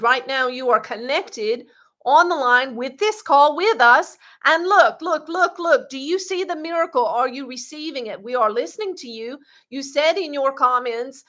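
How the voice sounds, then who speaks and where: A woman giving a channeled spiritual teaching. She speaks as a collective "we", calls the listener "dear", repeats phrases, and often murmurs a soft "mm-hmm". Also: high voice, a little slow.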